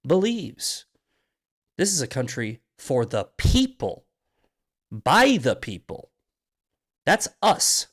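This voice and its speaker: A man hosting a political monologue on a live stream, mocking his critics, swearing and shouting at points. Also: medium pitch. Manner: angry, profane, shouting bursts. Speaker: host.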